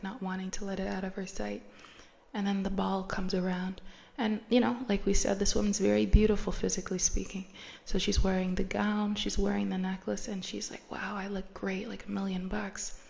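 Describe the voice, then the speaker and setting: A woman's voice: medium pitch, flat delivery, brisk, gravelly, a little mellow. A woman hosting a podcast who retells a story in a chatty, slangy, casual way and laughs often. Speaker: podcast host.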